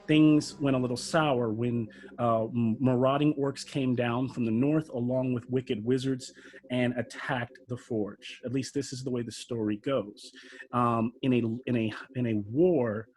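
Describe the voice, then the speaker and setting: A man narrating a tabletop game as game master over a video call, halting with many fillers and restarts. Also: medium pitch, steady tone, a little mellow, a little hiss or hum.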